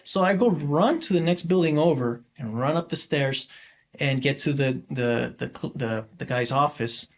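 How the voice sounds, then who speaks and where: A man in his forties telling a personal story as a podcast guest, halting and rambling with many fillers and restarts. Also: mid-range voice. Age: 40s. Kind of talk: casual storytelling interview.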